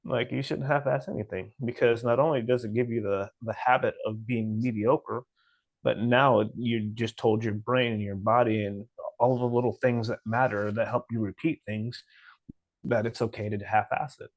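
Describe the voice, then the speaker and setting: A man's voice: medium pitch, moderate pace, dry recording. Blunt preachy man on a podcast. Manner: blunt, preachy, animated mocking asides. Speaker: podcast co-host. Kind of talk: casual motivational chat.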